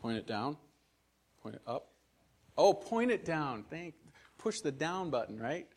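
Folksy Midwestern missionary preaching. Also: male voice, on the high side, sing-song, unhurried. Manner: folksy, self-deprecating, conversational. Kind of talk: sermon. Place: church sanctuary.

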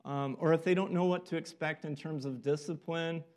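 A man's voice: a little high, steady tone, brisk, a little mellow. Earnest man preaching a sermon. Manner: earnest, acts out quoted voices.

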